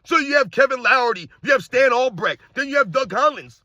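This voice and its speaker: A man's voice: extremely high pitch, expressive, brisk, no echo, dull audio. A man giving ranting sports commentary, hammering his point with repeated rhetorical questions and calling out to viewers as guys. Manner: emphatic, repetitive rhetorical questions; addresses viewers as guys, occasional shouting.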